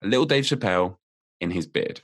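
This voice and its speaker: Male guest, memory coach, slightly low voice, upbeat and playful, laughs through his explanations. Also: brisk. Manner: lively and playful, laughs often while explaining. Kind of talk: explaining memory techniques in casual chat.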